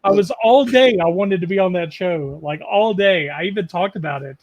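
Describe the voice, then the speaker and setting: A man in casual podcast chat, jokey and quick to laugh along. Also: high-pitched, darkish tone, lo-fi sound.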